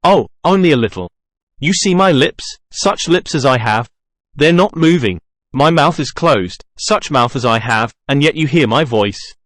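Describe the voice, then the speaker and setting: A man's voice: medium pitch, lively intonation, measured pace, fairly bright tone, no echo, clean studio sound. A man reading the part of a masked, lonely male genius, by turns brooding and boastful in a theatrical way. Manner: theatrical, wheedling then boastful.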